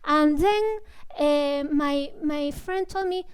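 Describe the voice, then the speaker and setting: A woman's voice: high-pitched, slow pace, rough recording. A woman talking casually at a public talk, searching for words with many fillers and restarts, often ending on "no?". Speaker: composer speaking at a public talk. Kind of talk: casual spoken talk, answering questions.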